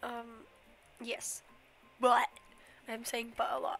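A woman's voice: on the high side, little pitch movement, takes it slowly, long pauses, fairly bright tone. A young woman, a bit sick, chatting through a casual game stream, rambling and giggly with lots of fillers and apologies. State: slightly sick. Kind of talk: casual Minecraft stream tour.

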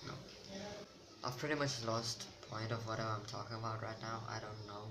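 A man's voice: fairly low pitch, little pitch movement, fairly quick. A teenage boy vlogging to camera in a rambling, self-mocking chat that keeps losing its thread. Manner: rambling, self-mocking, loses his train of thought. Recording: noisy home recording.

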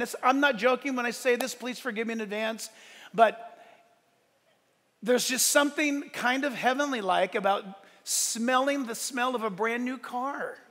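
A male pastor preaching a sunrise service sermon, animated and shouting at the high points, with joking asides. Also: long reverb tail, slight background noise.

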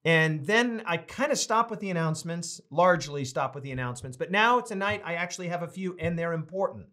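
An upbeat man with a fairly high speaking voice hosts a livestream as a pastor. He greets his viewers one by one in a friendly, casual way and then moves into announcements. He sounds like he is talking from an indoor home studio. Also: expressive, fairly quick, sharp tone. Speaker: pastor and host of a livestreamed reading series.

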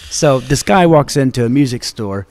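A man's voice: medium pitch, lively intonation, a little slow, darkish tone. A man co-hosting a podcast in casual chat, teasing and telling jokes. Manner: teasing, joke-telling, trails off. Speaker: podcast co-host.

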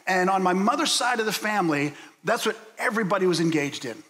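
Pastor guy from pittsburgh preaching, tells stories, asks the crowd stuff, bit of a high voice. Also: lively intonation, fast, bright, forceful tone. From Pittsburgh, USA. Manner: storytelling, asking the listeners questions. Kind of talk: sermon. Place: church sanctuary. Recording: long hall reverb.

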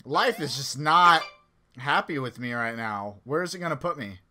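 A man giving gameplay commentary, excitable and quick to yell in frustration before muttering again. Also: medium pitch, very noisy. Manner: excitable, swings between muttering and frustrated shouting. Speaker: let's play host. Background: game music.

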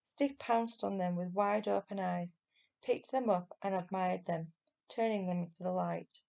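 A woman teacher reading a children's novel aloud in steady, clear storytelling. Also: lowish voice, a little slow.

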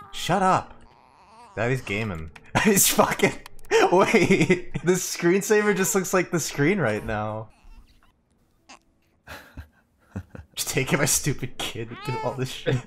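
A man's voice: a little high, huge pitch swings, slow, long pauses, fairly bright tone. A man giving joking, profane let's play commentary while playing a game, laughing often.

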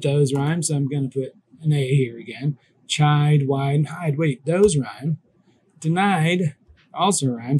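A man's voice: fairly high pitch, darkish tone, husky. A man teaching a recorded online class, talking casually and thinking aloud as he works through an example step by step.

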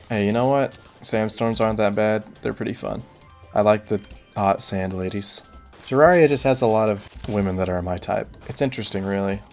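A young man streaming a video game, tossing off deadpan absurd jokes and mock complaints in casual commentary. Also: fairly low pitch.

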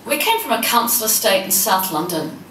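A woman in her fifties from New Zealand gives a lively, humorous keynote with mid-pitched warmth and conviction. She sounds a little distant from the mic in a reverberant conference hall. A faint background hum runs under her. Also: normal speed. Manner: humorous, passionate storytelling. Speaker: keynote speaker. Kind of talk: conference talk.

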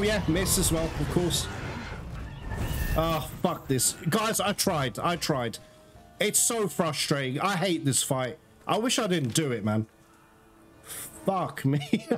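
A man commenting live on his own gameplay, frustrated and swearing, talking straight to his viewers. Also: a little high. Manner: frustrated, swearing, exclaiming at the game. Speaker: gaming channel host. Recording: loud game music behind voice. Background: game music.

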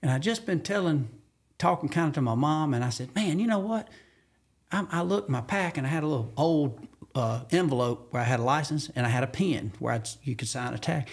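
Husky georgia guy, southern drawl, telling a story all fired up, voice jumps up high on the quotes. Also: fairly quick. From Georgia, USA. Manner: excited, acts out quotes with jumps in pitch. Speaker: podcast guest, hunter. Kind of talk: animated storytelling in casual conversation.

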